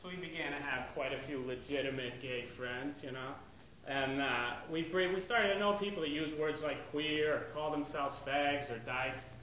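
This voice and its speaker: A man's voice: a little high, normal speed, slight background noise. A young man from the Boston area doing stand-up with a wry, conversational delivery. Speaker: stand-up comedian. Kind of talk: stand-up storytelling. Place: comedy club. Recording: echoey room with loud crowd laughter.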